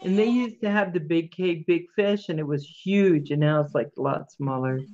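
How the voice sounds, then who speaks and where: A woman's voice: deep voice, moderate pace, dark tone, highs cut off. An older woman, a grandmother, hosting a casual chat and giggling often. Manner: chatty, giggly. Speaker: host. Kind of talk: casual chat on a video call.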